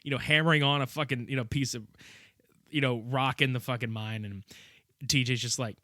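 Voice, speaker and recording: A male podcast host in casual chat, animated and profane, laughing often as he recaps a movie. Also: mid-range voice, fairly quick, no echo, clean studio sound.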